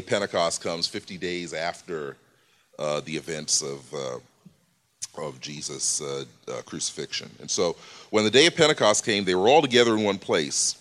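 A man's voice: low voice, fairly bright tone. A man preaching in a church, explaining scripture in a casual, conversational way with many fillers. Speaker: pastor. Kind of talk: sermon.

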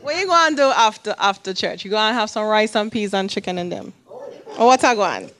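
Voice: medium pitch, very animated, a little fast, sharp tone. A congregant putting on a Jamaican accent in a playful, teasing way. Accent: Jamaican, put on. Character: joking Jamaican-accented churchgoer.

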